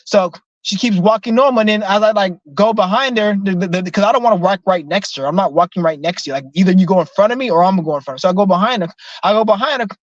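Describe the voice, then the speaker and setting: A young man telling a profane, animated story in a casual vlog rant. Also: high voice, racing, no room sound, highs cut off. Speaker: vlogger.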